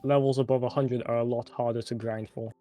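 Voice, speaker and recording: Male co-player, mellow tone, plain matter-of-fact game talk. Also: medium pitch, level tone, a little fast, no room sound, faint music behind. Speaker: fellow player. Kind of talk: casual gameplay chat.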